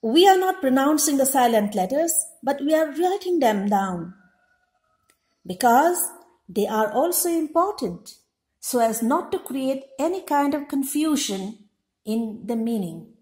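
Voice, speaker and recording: A woman teacher giving a classroom lesson, speaking deliberately and spelling words out letter by letter. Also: high voice, expressive, dark tone. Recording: echoey room.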